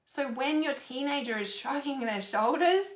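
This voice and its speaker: Aussie mum type coach, kinda high voice, blunt and sweary, rambles, echoey room. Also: female voice, lively intonation, normal speed. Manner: frank, rambling, swears freely. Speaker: conscious parenting coach. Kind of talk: casual talk to camera. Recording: roomy echo.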